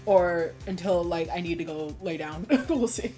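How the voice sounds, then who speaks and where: Giggly low-voiced woman streamer. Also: a little slow, hardly any pauses. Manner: giggly, chatty, swears casually. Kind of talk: casual gameplay commentary. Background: game music.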